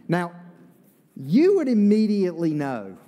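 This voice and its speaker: Preaching in a church sanctuary, a folksy Eastern North Carolina pastor talks conversationally and drifts into asides. His high, dark-toned voice swoops wildly in pitch at a slightly slow pace, and the hall adds a long reverb.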